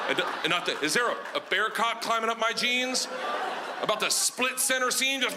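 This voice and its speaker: A male stand-up comedian telling a wild story, animated and exaggerated, often shouting punchlines. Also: very high voice, moderate pace, over a noisy crowd, very noisy.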